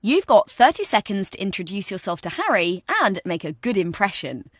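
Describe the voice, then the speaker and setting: In scripted, encouraging narration, a virtual training guide walks the listener through a communication exercise one step at a time. She has a medium-pitched, sing-song voice and talks at a normal speed, recorded dry with clean studio sound.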